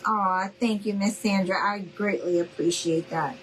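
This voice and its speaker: This New Orleans, Louisiana woman speaks in a mid-range, fairly even voice, a little slowly, over crowd noise in a low-quality recording. She hosts a craft livestream, chatting casually and affectionately while crafting and calling viewers "y'all" and "honey."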